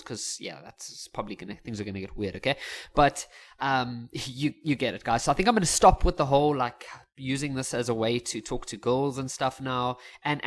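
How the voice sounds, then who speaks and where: A man teaching a science lesson in a casual, joking and self-mocking way, chatty and full of restarts. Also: medium pitch.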